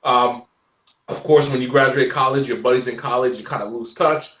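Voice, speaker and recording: A man in his forties telling stories in a casual interview chat, animated and laughing often. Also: mid-range voice, normal speed, reverberant, far from the mic. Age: 40s. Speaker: guest.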